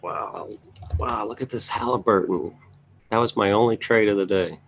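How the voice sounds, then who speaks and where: A man's voice: on the low side, normal speed, vocal fry, slight background noise. A man giving casual live market commentary, thinking aloud as he scans charts and making chatty asides to his viewers. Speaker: trading educator reviewing charts.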